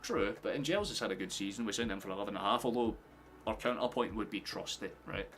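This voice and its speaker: A young man from Scotland livestreams himself watching football, chatting with viewers and swearing freely, his low voice quick-paced. Goals send him into excited shouting. There's a little hiss or hum in the recording.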